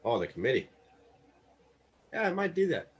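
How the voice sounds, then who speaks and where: Husky man with a lively voice. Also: fairly high pitch, normal speed, highs cut off. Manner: easygoing, laughs often. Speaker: podcast co-host. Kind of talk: casual podcast chat.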